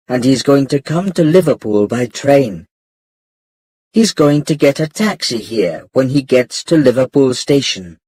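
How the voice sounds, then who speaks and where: A calm grandmother explains things in a slow, lowered voice, as a man reads her aloud. Slightly breathy, close and dry. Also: dry recording. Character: older grandmother, calm and matter-of-fact.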